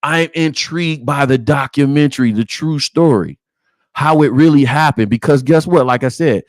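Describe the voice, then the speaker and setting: A man hosts a live sports reaction stream at a middle pitch, with dry, close sound. He talks bluntly and with heat, swears freely, and leans on "you know what I'm saying" to drive his points home. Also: no room sound. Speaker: sports channel host.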